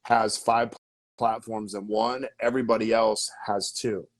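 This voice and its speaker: A man with a fairly low voice talks as a podcast guest, coaching listeners on marketing. He speaks with emphasis and energy, repeats his words and poses rhetorical questions to them. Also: flat delivery, measured pace.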